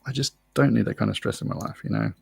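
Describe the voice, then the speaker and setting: A man's voice: lowish voice, huge pitch swings, quick pace, gravelly, a little mellow, breathy edge, dry recording, studio quality. A man hosting a live online pub quiz from home, chatty and rambling with self-mocking asides. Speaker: quiz host. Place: room at home.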